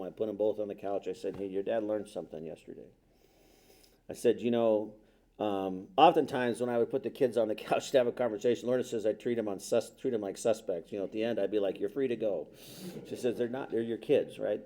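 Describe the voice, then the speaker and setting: Man, middle-aged, conversational storyteller, gravelly, dark tone. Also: medium pitch. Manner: conversational, self-deprecating storytelling with quoted dialogue. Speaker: speaker. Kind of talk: storytelling talk.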